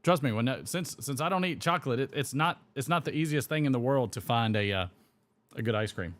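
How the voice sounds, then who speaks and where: A man runs a live pipe-smoking stream, speaking fairly quickly in an expressive, medium-pitched voice. He keeps up a rambling, casual chat as he smokes, chuckling and reading viewers' comments aloud.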